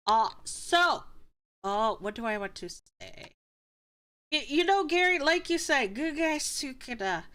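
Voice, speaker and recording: Expressive woman streamer, unhurried but flustered, high-pitched casual chat. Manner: expressive, flustered, chatty with viewers.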